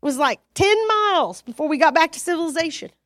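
Animated woman preaching a sermon. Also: very high voice, fast talker, no echo, studio quality. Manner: animated, exhorting with sudden loud rises; acts out her own prayers and dialogues.

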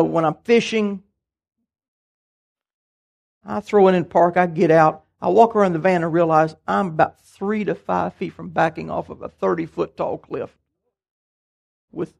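An older man, preaching a sermon and telling stories in a folksy, animated way. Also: sits high, gravelly. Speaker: pastor.

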